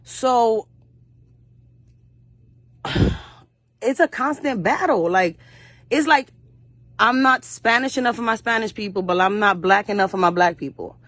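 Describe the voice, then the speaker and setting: A woman's voice: a little high, a little slow, pauses often, a bit bright, no echo. Blunt, fiery woman telling stories. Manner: blunt and fiery, with frequent cursing; acts out quoted voices of her mother and others. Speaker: actress interviewed as guest. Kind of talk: passionate storytelling in an interview.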